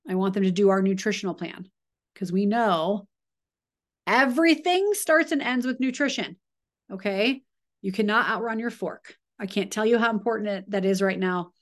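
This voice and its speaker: A woman in her thirties leading a team video call, chatty and upbeat with frequent asides and coaching pep. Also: mid-range voice.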